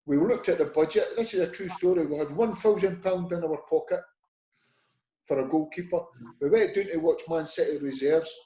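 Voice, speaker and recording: Animated Scottish man with a dark voice. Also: on the high side, moderate pace. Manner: animated anecdotes, acting out quoted voices. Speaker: former football manager, guest. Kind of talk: conversational storytelling. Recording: roomy echo.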